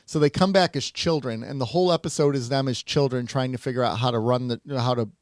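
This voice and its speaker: A man's voice: medium pitch, no room sound, studio quality. A man co-hosting a casual podcast chat, joking, laughing often and reeling off lists. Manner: laughs often, jokey, lists things off quickly. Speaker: podcast co-host.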